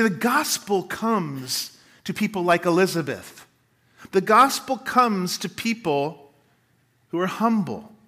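A man preaching a sermon, emphatic, with dramatic pauses and quotes read out in character. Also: sits high, fairly bright tone. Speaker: pastor.

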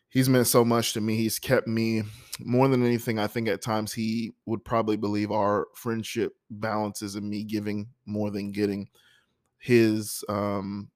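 A man telling a personal story before reading a poem, speaking softly with halting, emotional pauses. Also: fairly low pitch, no room sound, studio quality. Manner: soft-spoken, halting and emotional. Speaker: poet introducing a poem.

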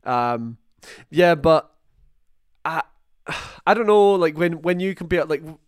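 A man's voice: a little high, expressive, takes it slowly, clean tone, dry recording. A Scottish man co-hosting a podcast, telling anecdotes with frequent laughs and asking questions. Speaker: podcast co-host. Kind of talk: casual chat.

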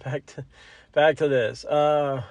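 A man's voice: a little high, fairly even intonation, takes it slowly, no room sound, lo-fi sound. A man hosting a podcast in casual solo commentary. He rambles, corrects himself mid-sentence, swears, and apologizes often. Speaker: podcast host.

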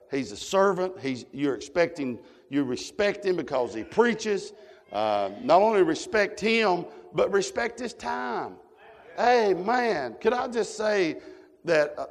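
Fervent high-voiced preacher, reverberant hall. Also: male voice. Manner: fervent, punctuates with frequent amens. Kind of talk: sermon. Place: church sanctuary. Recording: long church hall reverb.

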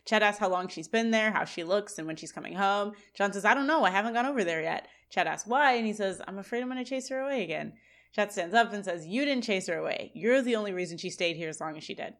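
A woman co-hosting a podcast, recapping a TV episode scene by scene and reading quoted lines in a flat voice. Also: medium pitch, fast talker. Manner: recounts scenes, quoting lines in a flat read. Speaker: podcast co-host. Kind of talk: casual recap chat.

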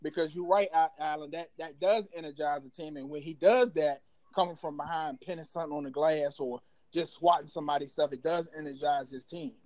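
A man hosting a casual sports talk show, calling on panelists by name and loud when he calls out to them. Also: a little high, steady tone, fairly quick, few pauses, no echo. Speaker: host.

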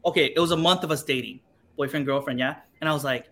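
A man's voice: fairly high pitch, quick pace, fairly bright tone. A man in casual chat, telling his own story with playful energy and acting out quotes.

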